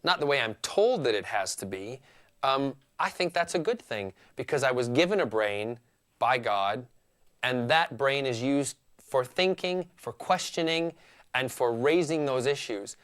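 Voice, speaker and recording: Man, from Scotland, TV guest, earnest, open, middle-pitched voice. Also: animated, measured pace, fairly bright tone. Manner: earnest and open, with easy laughs. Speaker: studio guest. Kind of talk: candid television interview.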